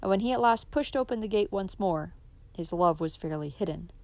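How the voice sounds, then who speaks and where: Female audiobook narrator, expressive, dry close sound. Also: mid-range voice, a little fast, no echo. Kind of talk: scripted narration.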